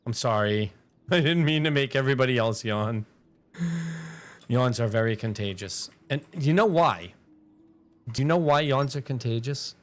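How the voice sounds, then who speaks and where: A man's voice: medium pitch, animated, normal speed, long pauses. A man streaming a game, chatting casually and thinking aloud as he plays, rambling between talking to himself and to his chat.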